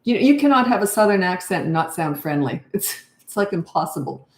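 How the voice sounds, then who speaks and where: An older Canadian woman, a parenting coach, chats casually on a livestream, greeting viewers by name as she reads their comments. Her fairly low voice is sing-song and fairly quick, with reverberation around it.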